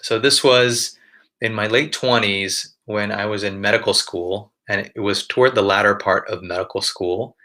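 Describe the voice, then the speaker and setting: Lowish, bright-toned man explaining calmly. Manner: measured, explanatory, defines terms with examples. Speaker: doctor describing a near-death-like experience. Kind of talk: explanatory interview talk.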